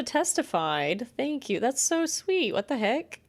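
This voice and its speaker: Woman streamer, casual live chat over gameplay, easily excited, filler-heavy, mid pitch, faint game music behind. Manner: chatty and excitable, full of "like" and quick reactions.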